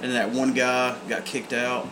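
A man's voice: mid-range voice, little pitch movement, unhurried. An easygoing man in a casual podcast chat, recounting movies at length. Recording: air conditioner hum behind.

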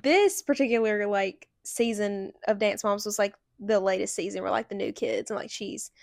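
At normal speed and medium pitch, this young podcast co-host chats through a story with heavy use of "like" and audible vocal fry. The sound is clean studio quality with no echo.

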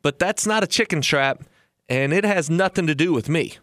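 A man's voice: a little high, expressive, moderate pace, fairly bright tone, no room sound, studio quality. A man voicing a chicken in a storybook tale who politely brushes off a friend's problem. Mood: dismissive. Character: dismissive hen, shrugging off others' trouble.

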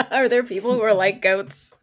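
A woman's voice: on the high side, steady tone, a little slow. A woman co-hosting a podcast, reacting casually with lots of giggles. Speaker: podcast co-host. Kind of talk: casual chat.

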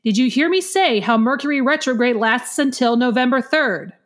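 Brief: American woman podcast co-host, slightly high voice, teasing and mock-serious. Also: moderate pace. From United States. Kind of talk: casual podcast chat.

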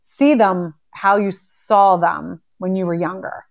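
A woman's voice: fairly low pitch, steady tone, slow pace, gravelly. Affirming female interviewer. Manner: affirming, reflective. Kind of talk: conversational interview.

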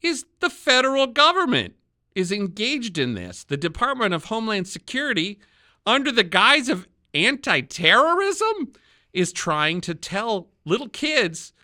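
Man, Wisconsin accent, podcast host, fairly high voice, bright tone, wry chuckles. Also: huge pitch swings, measured pace, no room sound, clean studio sound. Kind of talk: political podcast chat.

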